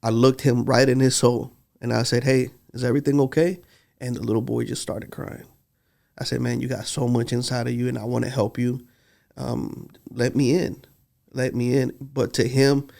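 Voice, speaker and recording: A man's voice: mid-range voice, little pitch movement, normal speed, vocal fry, darkish tone. A man, telling heartfelt stories in a casual podcast conversation. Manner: earnest, heartfelt storytelling. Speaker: podcast co-host.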